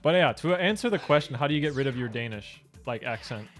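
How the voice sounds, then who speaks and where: A man's voice: medium pitch, animated, fast talker, a bit bright, faint music behind. A young man chatting casually with his stream chat while speedrunning a game, loose, profane and talkative. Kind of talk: live gaming stream chat.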